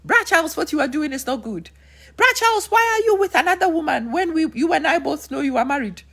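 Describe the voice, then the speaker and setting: A woman's voice: high-pitched, expressive, fairly quick, a bit bright, pitched above the performer's own voice. A woman doing a pleading man preacher. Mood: pleading scolding. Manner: pleading, repeating the name over and over. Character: man preaching, scolding a friend.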